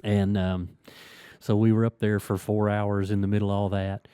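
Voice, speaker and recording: Middle-aged man with a low, mellow voice, telling stories. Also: normal speed. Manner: lively storyteller who acts out quoted voices. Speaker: podcast host and sticker shop owner. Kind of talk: casual storytelling chat.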